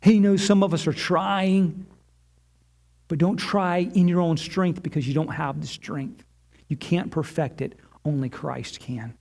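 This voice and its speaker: Earnest male preacher, slightly high voice. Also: steady tone, unhurried, vocal fry. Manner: earnest preaching, dropping low and soft on key lines, rising when voicing prayers. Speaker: pastor. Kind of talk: sermon.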